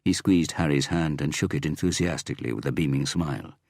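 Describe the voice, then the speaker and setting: A man narrating a crime novel in a measured, expressive reading. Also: very deep voice, gravelly, dry recording, clean studio sound. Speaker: audiobook narrator. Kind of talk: scripted narration.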